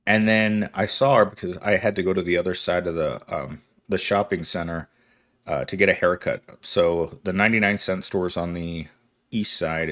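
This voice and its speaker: A man's voice: low voice, fairly bright tone. A young man giving a rambling, wry monologue commentary, correcting himself and laughing as he goes. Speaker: commentary host.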